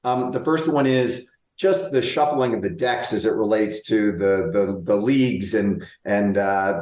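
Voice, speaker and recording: A man hosting an interview, telling a quick anecdote in an energetic, casual way. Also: mid-range voice, echoey room. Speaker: interview host.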